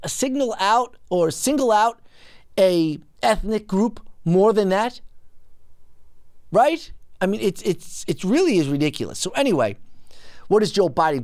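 A podcast host giving a political commentary monologue, ranting in an indignant, emphatic way with big swings in pitch. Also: no room sound, clean studio sound.

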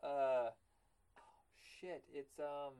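A man in easy, rambling conversation about old movies, talking over a remote call. His voice sits at a middling pitch, and he gets animated and swears casually as he goes. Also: very slow, slight background noise. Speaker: podcast co-host.

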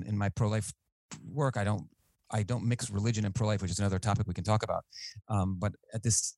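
A physician and author tells his story as a guest on a radio interview, sounding earnest and measured with small restarts. His voice is on the low side and darkish, with no echo but poor audio.

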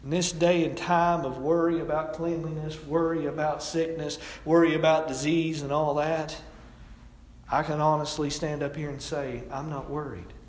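A man's voice: on the high side, little pitch movement, moderate pace. A middle-aged man preaching a sermon, telling folksy stories with rising and falling emphasis. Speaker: pastor. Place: church sanctuary. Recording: echoey hall, distant mic.

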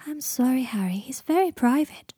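Woman voicing a gentle dreamy witch, soft hushed words, storybook. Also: high-pitched, expressive, normal speed, breathy edge, dry recording, studio quality, pitched above the performer's own voice.

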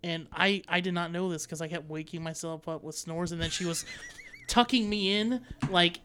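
Bright-voiced podcast host, rambling. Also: medium pitch, steady tone, normal speed, smooth. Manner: rambling, giggly storyteller. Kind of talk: casual podcast chat.

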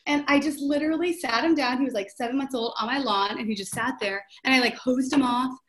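Brief: forties woman executive, fairly high voice, open and reflective interview guest. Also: quick pace, a bit bright. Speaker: showroom CEO, podcast guest. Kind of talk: candid conversational interview.

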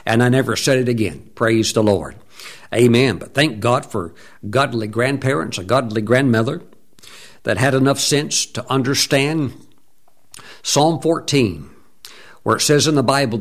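A middle-aged man preaching a sermon from the pulpit. He speaks emphatically, drawing words out and humming between phrases. His voice sits at an ordinary male pitch. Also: unhurried. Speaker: pastor.

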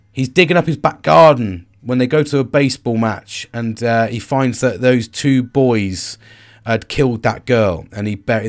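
Cockney male podcaster, unscripted monologue, loose and sweary, keeps losing his thread. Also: medium pitch. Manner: rambling, swears freely, restarts often. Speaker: podcast host. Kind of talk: casual personal monologue.

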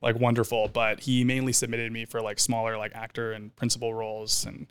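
A man's voice: mid-range voice, a little fast, clean tone. A young man, a comedian and actor, telling stories casually with lots of laughs and swearing. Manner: animated, swears, laughs often. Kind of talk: casual storytelling.

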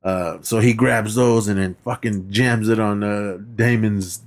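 A man's voice: on the low side, fairly even intonation, measured pace. A man co-hosting a movie podcast, recapping scenes in casual chat, laughing often and acting out the characters' lines in a raised voice. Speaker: podcast co-host.

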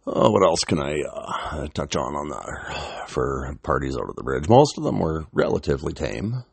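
Middle-aged man, extremely deep voice, husky, profane rambling story, dry close sound. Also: big pitch swings, normal speed, dry recording. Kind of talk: casual storytelling.

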